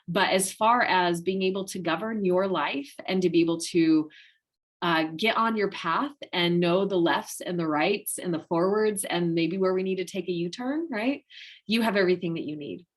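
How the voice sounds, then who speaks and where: Gushing, emotional woman coach. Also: mid-range voice. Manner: openly emotional and affectionate; gushing, enthusiastic. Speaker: wellness coach leading a master class. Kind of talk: heartfelt direct-to-viewer talk.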